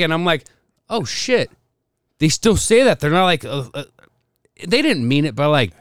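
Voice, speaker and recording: A young man in casual podcast chat, telling stories and mimicking people with loud voices. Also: on the high side, normal speed, smooth, no echo, studio quality. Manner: animated storyteller, does loud mimicking voices. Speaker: podcast co-host.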